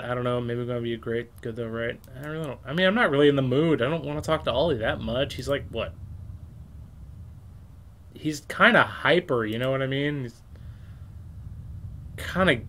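A man's voice: medium pitch, normal speed, pauses often, fairly bright tone, a little hiss or hum. Man, let's-play commentator, rambling and self-mocking, casual swearing. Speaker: game streamer.

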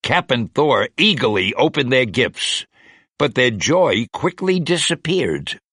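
A man reading a children's picture book aloud in a gentle, expressive way. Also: mid-range voice, slow, slightly rough, no echo, clean studio sound. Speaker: children's storybook reader. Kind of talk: read-aloud storytelling.

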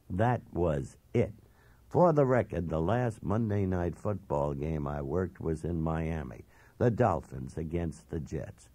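A man's voice: sits low, dark tone, no room sound. A man narrating a first-person memoir audiobook in a blunt, self-assured, emphatic way.

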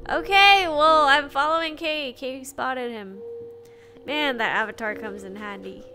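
Brief: chatty woman gamer, bit high, excitable, casual banter over music. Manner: chatty, excitable, quick gasps and exclamations. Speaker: player in a virtual-reality game stream. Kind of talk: casual chat while gaming.

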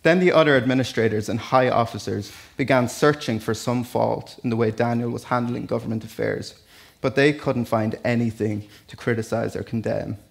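A man's voice: medium pitch, gravelly. An Irish man preaching a sermon in a church, talking to the congregation in a conversational, storytelling way with asides. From Ireland. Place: church hall.

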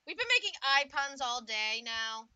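Host: woman, bright sharp high voice, dry close sound, goofy banter while coloring. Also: lively intonation, clear, resonant tone, no echo, dull audio. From Scotland. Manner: playful, goofy, quick to joke. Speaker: artist hosting a drawing video. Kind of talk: casual chat while coloring.

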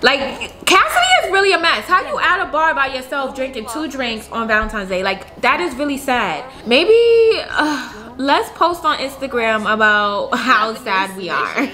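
A woman's voice: high-pitched, sing-song, moderate pace, few pauses, bright, forceful tone. A woman casually commenting on her life-sim game in a chatty, slangy, giggly way. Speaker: gaming youtuber. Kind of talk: casual let's-play commentary.

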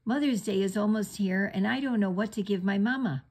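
A woman's voice: medium pitch, a little fast, a little mellow, close to an everyday voice. A woman reading aloud and voicing Roo, a small, eager young male kangaroo from a storybook.

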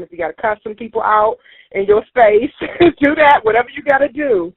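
A woman's voice: on the high side, lively intonation, normal speed, creaky, slightly rough. Workshop leader, female, emphatic coaching voice, phone-line sound. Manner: emphatic, urging, rising to near shouts. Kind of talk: guided emotional release exercise. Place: teleconference call. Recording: tinny conference call line.

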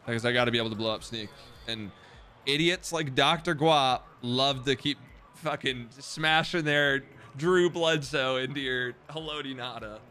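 A man's voice: medium pitch, moderate pace, bright, forceful tone, slight background noise. Profane young man streaming a game. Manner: profane, self-mocking trash talk with sudden outbursts. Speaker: gaming streamer. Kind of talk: live gameplay commentary.

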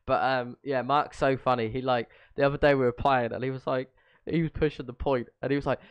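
A man of middle pitch chatting on his podcast, his voice smooth and resonant. The sound is dry and close, with no room around it. He swears freely and laughs often between quick bursts of talk. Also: steady tone, dry recording, dull audio. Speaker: podcast co-host. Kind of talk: casual chat.

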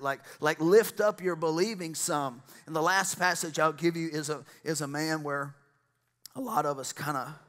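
A man preaching a lively sermon, building to loud excited shouts and exclamations. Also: fairly high pitch, normal speed. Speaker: pastor.

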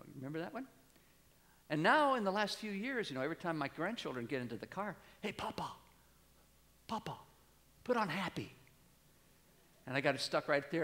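A man in his sixties preaches a sermon, his slightly high voice climbing to emphatic peaks before dropping back low. His words ring with the long reverb of a church sanctuary. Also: fairly bright tone. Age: 60s. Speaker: pastor.

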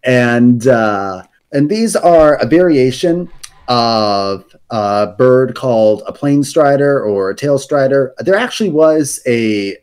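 A man's voice: medium pitch, expressive, slow pace, a little mellow, clear, resonant tone. A man on a podcast explaining video game lore in a casual, rambling way, with many fillers and restarts.

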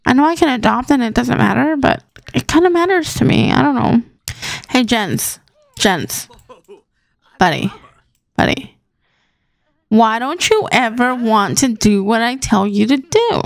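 This gaming channel host, a young woman, chats easily through her gameplay and addresses the characters on screen. Her voice runs high with a creaky texture, and there's no room sound at all.

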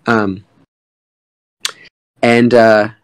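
A young man speaking candidly and emotionally in a community AMA. He tells a personal story in halting bursts, with many fillers and some swearing. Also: on the low side, little pitch movement, no room sound, low-quality recording. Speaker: guest artist in a community AMA.

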